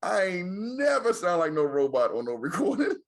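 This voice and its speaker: A man co-hosting a wrestling podcast since its first season, joking loudly in casual banter. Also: sits high, sing-song, normal speed, creaky. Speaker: podcast co-host. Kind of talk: casual chat.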